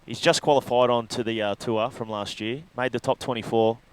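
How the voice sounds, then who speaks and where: A man's voice: medium pitch, fairly even intonation, brisk, clear, resonant tone. A man giving loose, rambling live commentary on a surf contest, breaking down each ride. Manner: loose, rambling analysis with fillers.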